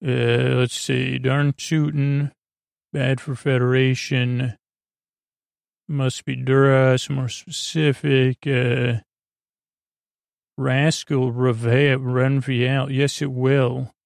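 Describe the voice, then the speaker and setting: A man hosting a sleep podcast, giving a rambling, halting recap full of fillers and self-corrections, and paraphrasing dialogue in his own plain voice. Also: mid-range voice, little pitch movement, creaky, no room sound, clean studio sound.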